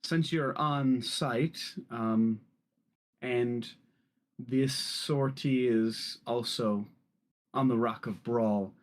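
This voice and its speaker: A man voicing a proud, formal male corporate official who speaks slowly and politely in a tabletop game. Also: medium pitch.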